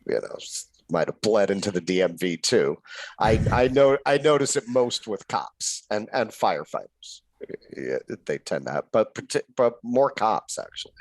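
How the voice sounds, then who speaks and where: A man co-hosts a political podcast in a measured, musing way, often circling back on his openers. His voice is very low and the sound is dry and close. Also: very animated, dry recording, rough recording. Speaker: podcast co-host. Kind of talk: casual political podcast chat.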